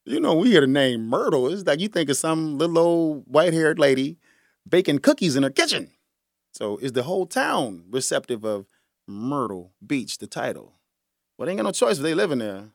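Gravelly, lively man chatting casually. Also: a little high, normal speed, dry recording, clean studio sound. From Chicago area. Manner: chatty, joking, laughs often. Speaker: podcast host. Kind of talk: casual solo chat.

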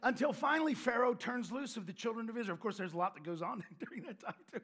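High-voiced husky male preacher. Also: quick pace. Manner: animated storytelling with shouted emphasis and laughs. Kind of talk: sermon.

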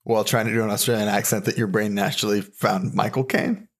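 Low-voiced man hosting comedy podcast. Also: fairly even intonation, fast talker. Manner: dry, quizzical, recapping. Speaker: podcast host. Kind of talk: casual comedic banter.

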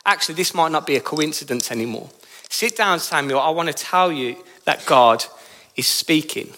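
A man's voice: a little high, animated, moderate pace, bright, forceful tone, in a large hall, voice pushed down. A preacher with a Birmingham accent voicing an old male priest who is roused from sleep, in a plain, casual way. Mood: earnest. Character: old male priest, drowsy then earnest.

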